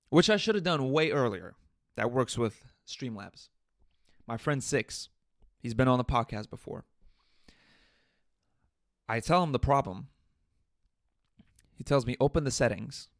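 A man hosting a casual solo podcast, telling a story in an animated, venting way with swearing. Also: mid-range voice, dry recording, studio quality. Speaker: podcast host. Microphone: USB interface podcast mic.

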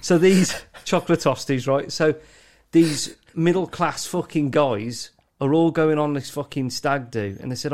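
A man's voice: a little high, measured pace, hardly any pauses. A man telling stories in casual podcast banter, swearing heavily. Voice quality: lively delivery, heavy swearing. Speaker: podcast co-host, t-shirt printer.

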